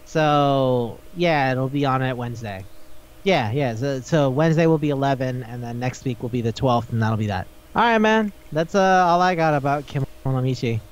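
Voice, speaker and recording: A young man co-hosting a casual podcast, swearing a lot and acting out characters in animated voices. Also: medium pitch, normal speed. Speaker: podcast co-host. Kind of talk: casual chat about anime. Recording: dull lo-fi podcast recording.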